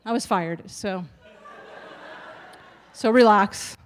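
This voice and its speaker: A woman's voice: mid-range voice, drawn-out words, slight background noise. A woman in her sixties, a nurse and stand-up comic, delivering a chatty, self-deprecating routine to the audience. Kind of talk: stand-up comedy.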